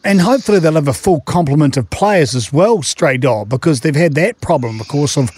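A man's voice: fairly high pitch, animated, a little fast, darkish tone, breathy edge. A man hosting a radio sports show, asking conversational questions of his guest. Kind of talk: radio interview.

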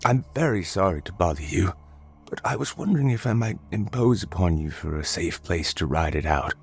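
A man voicing a frail old homeless man in a read-aloud story, with a hoarse, scratchy, courteous and formal way of speaking. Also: low-pitched, lively intonation, fairly quick, exaggerated voice. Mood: grateful, courteous. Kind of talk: storybook narration.

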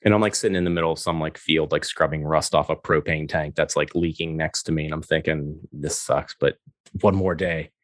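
Deep-voiced man telling stories animatedly. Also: fast, hardly any pauses, no echo, clean studio sound. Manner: animated, acts out quotes, laughs often. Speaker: guest. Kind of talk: casual storytelling interview.

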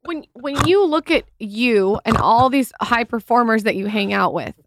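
A woman co-hosting a podcast, asking thoughtful, measured interview questions. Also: on the high side, a little hiss or hum. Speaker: podcast co-host.

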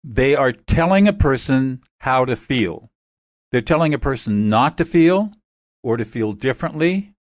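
A man being interviewed as an expert guest, calmly explaining methods in a measured, instructive way. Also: mid-range voice, no room sound, studio quality.

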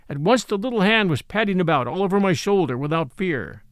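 A man's voice: high voice, brisk, hardly any pauses, no room sound, clean studio sound. A man narrating a classic novel aloud as storybook narration, reading expressively and voicing every part. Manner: expressive reading, voices all parts.

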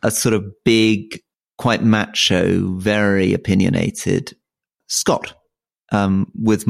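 A middle-aged man with a low, gravelly voice talks in a relaxed, unscripted way. He stops and restarts often, repeating words as he feels his way into a thought. The sound is close and dry. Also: slow, no room sound. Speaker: podcast co-host. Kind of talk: casual conversational chat.

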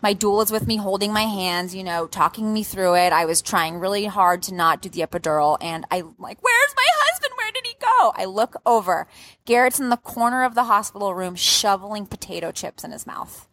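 A young adult woman telling her birth story in a casual, lively way, acting out what she said back then. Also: medium pitch, a little fast, no echo. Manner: lively storyteller who acts out her own past outbursts.

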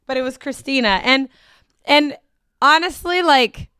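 A woman's voice: high voice, measured pace, sharp tone, no echo. A woman co-hosting a casual podcast, chatty and frank, quoting others with amused asides. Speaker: podcast co-host. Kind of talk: casual chat recapping a reality show.

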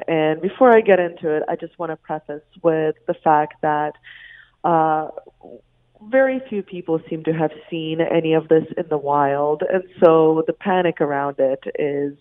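A woman journalist, a guest on a radio show, explaining a story in a measured way with some ums. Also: deep voice. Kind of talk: phone interview. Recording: phone line.

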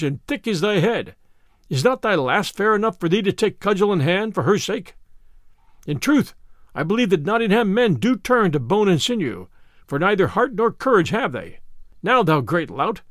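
A man reading as a bragging male champion fighter, loud swaggering taunts, high lively voice, dry sound. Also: normal speed, dry recording. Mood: taunting.

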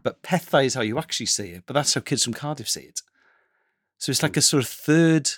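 A man's voice: medium pitch, fairly bright tone, dry recording, clean studio sound. A man with a West Walian accent, co-hosting a casual podcast and explaining ideas at length, with a chuckle now and then. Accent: West Walian Welsh. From West Wales. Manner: thoughtful, explanatory, chuckles often. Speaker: podcast co-host.

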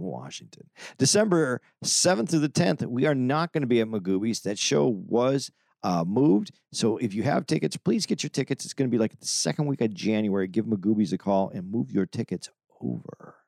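A man's voice: medium pitch, gravelly, no room sound, clean studio sound. A man co-hosting a casual comedy podcast, rambling with fillers and reading out his tour dates. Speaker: podcast co-host and touring comedian.

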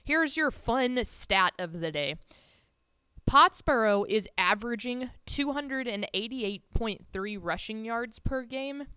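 A woman's voice: on the high side, expressive, slow pace, sharp tone, clean tone, no room sound. A woman co-hosting a sports podcast, chatting casually and rattling off game stats in an upbeat way. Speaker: podcast co-host.

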